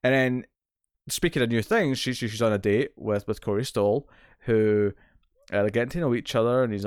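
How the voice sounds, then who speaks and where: Recapping a TV episode on a podcast he co-hosts, a man speaks at normal speed in a medium-pitched, clear, resonant voice, rambling with many restarts and fillers. The audio is studio quality with no room sound.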